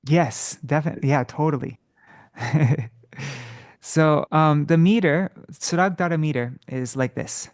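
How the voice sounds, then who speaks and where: Male devotional teacher, slightly high, unhurried voice; casual, self-correcting, chants syllables. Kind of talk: casual online teaching of Sanskrit verse meter.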